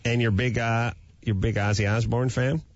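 A male radio host telling comic stories in an animated way, slipping into voices. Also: medium pitch, moderate pace, muffled recording. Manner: animated storyteller who slips into voices. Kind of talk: comedic radio talk.

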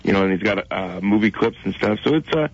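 A man's voice: lowish voice, lively intonation, fast, slight background noise. A man recounting a show in casual radio chat, hesitant, with many restarts. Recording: muffled radio sound.

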